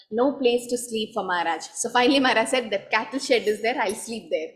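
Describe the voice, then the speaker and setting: A woman giving a scripture class, telling devotional stories in a lively way and acting out the people in them. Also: mid-range voice, brisk, poor audio. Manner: animated storytelling, acting out quoted voices. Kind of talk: storytelling sermon.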